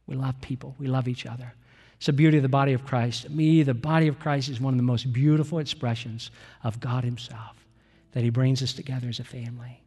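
Earnest preacher in a reverberant church. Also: male voice, mid-range voice, a little mellow. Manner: earnest, slow and emphatic with pauses. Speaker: pastor. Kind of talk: sermon. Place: church sanctuary.

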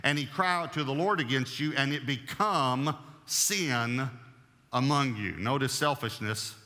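A man preaching a sermon as pastor, emphatic and repeating key phrases, slowing down to read scripture. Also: mid-range voice, sharp tone. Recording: long hall reverb.

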